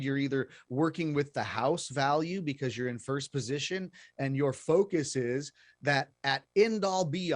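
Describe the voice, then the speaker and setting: A man's voice: mid-range voice, no room sound, clean studio sound. A male host explaining investing to his listeners in a chatty way, often repeating words and calling the audience "folks.".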